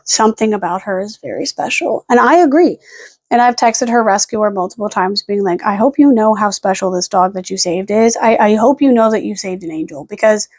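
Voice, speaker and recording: A young woman vlogging at home in a rambling casual chat, close to the camera mic, now and then slipping into high baby talk for her dog. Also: a little mellow, no room sound.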